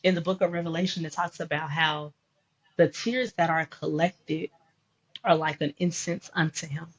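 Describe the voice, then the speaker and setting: Woman, husky, emphatic, preacherly, dull lo-fi recording. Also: low voice, steady tone, normal speed. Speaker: life coach guest. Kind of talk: faith-based conversation. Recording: dull lo-fi sound.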